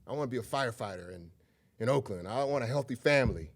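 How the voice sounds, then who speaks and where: A man's voice: medium pitch, expressive, fast, voice pushed down. A man quoting a young man from a youth group who talks casually and hopefully about his plans. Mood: earnest. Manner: casual slangy street talk.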